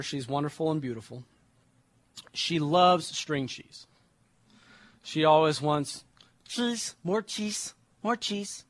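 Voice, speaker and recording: A young adult man preaching, reading scripture slowly and then explaining it in casual everyday words. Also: a little high, a bit bright, dry recording.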